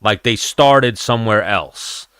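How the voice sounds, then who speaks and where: Blunt, bright-toned man hosting a chat. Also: on the low side, takes it slowly, clean tone, no echo, studio quality. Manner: blunt, profane, rambling. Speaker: podcast host. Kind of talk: casual livestream chat while watching fights.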